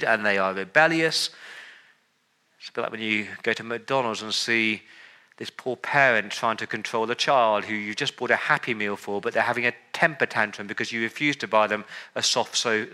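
A man's voice: lowish voice, pushed and bright. A man preaching a sermon with emphatic delivery, repeating words and building lists for effect. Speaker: pastor.

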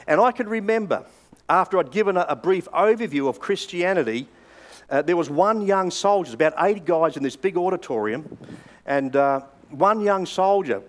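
An older Australian man preaching a sermon, telling stories in a conversational way with hesitant fillers. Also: on the high side. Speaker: pastor.

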